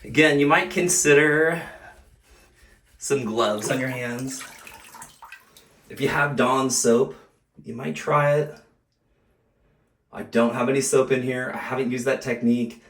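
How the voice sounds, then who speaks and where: A man's voice: mid-range voice, measured pace, long pauses, fairly bright tone, recorded from a distance. A middle-aged man doing a how-to demonstration, reassuring and joking as he coaches the viewer, a little out of breath from the effort. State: out of breath from exertion. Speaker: home repair video host. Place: bathroom. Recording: echoey bathroom, voice off-mic.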